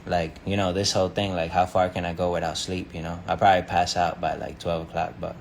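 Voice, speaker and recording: A man with a very low voice, talking loosely and slangily to viewers on a livestream. His talk drifts along with plenty of fillers, and a faint hiss of noise sits under it. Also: little pitch movement, a little fast, vocal fry. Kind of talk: casual livestream chat.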